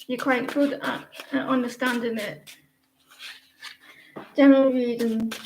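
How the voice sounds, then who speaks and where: A woman's voice: fairly high pitch, fairly even intonation, measured pace, darkish tone. A woman giving a live, casual tarot reading. She is chatty, laughs often and breaks off mid-sentence. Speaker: tarot reader. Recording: echoey room with faint background noise.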